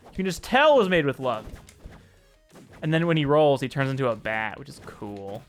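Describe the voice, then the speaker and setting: A man's voice: a little high, sing-song, brisk, faint music behind. A man hosting a casual live stream, demoing a game he works on, answering chat and often correcting himself mid-sentence. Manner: chatty, answers chat messages, frequent restarts and self-corrections.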